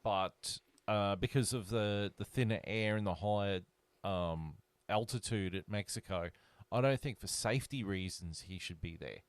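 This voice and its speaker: A man's voice: on the low side, moderate pace, hardly any pauses, dry recording. Blunt man, dry podcast voice. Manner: blunt, stumbling restarts. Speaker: podcast host reading news items. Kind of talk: casual chat.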